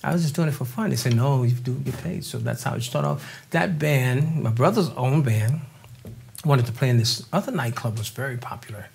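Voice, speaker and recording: A husky older man from New Orleans, speaking at a middle pitch in a loose, chatty interview. He tells his stories with lively turns, acting out the voices of the people in them and laughing along the way. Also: fairly quick. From New Orleans, Louisiana. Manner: animated storyteller, acts out quoted voices, laughs often. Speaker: guest drummer. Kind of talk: casual interview storytelling.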